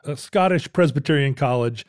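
A man's voice: mid-range voice, normal speed, dry recording. A middle-aged man casually telling a rambling family story with dry jokes on a podcast.

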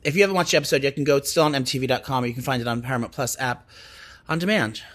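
A man gabbing on a casual podcast as co-host, his words tumbling out quickly in a gossipy, chatty flow. His voice sits in an ordinary middle range. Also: medium pitch, fairly bright tone.

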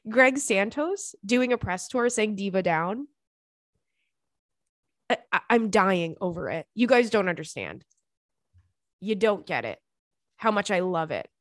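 A woman's voice: mid-range voice, animated, a little slow, pauses often, dry recording, clean studio sound. A young woman hosting a podcast, chatting casually and reading listener emails in a sassy, giggly way. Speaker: podcast host.

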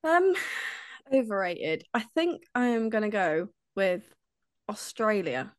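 A woman co-hosting a casual podcast, frank and relaxed, laughing easily. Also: medium pitch, takes it slowly, no echo, clean studio sound. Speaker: podcast co-host. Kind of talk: casual panel chat.

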